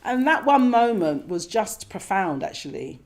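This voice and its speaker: A woman telling a personal story at a meditation class, reflective and gently animated, sometimes acting out her own thoughts. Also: medium pitch, unhurried. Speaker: speaker sharing her meditation experience. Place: meditation centre shrine room with a class.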